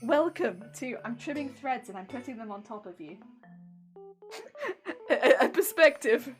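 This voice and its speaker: A woman's voice: a little high, lively intonation, moderate pace, faint music behind. A British woman chatting casually with her live-stream viewers while she crafts, often breaking into laughter. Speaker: cosplay streamer.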